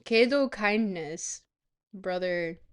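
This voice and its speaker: A woman's voice: medium pitch, takes it slowly, clean tone. A woman streamer in a casual livestream chat, goofy and rambling, swearing freely.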